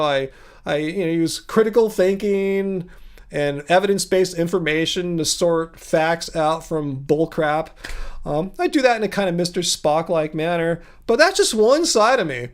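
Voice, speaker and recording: A man hosting a casual livestream, answering viewer comments in a chatty, earnest way, thinking aloud with frequent restarts. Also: a little high. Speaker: livestream host.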